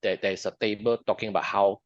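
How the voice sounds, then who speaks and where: A man's voice: fairly low pitch, level tone, fast talker, no room sound. A man co-hosting a podcast in a casual book discussion, who halts and repeats words often. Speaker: podcast co-host. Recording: dull lo-fi dry sound.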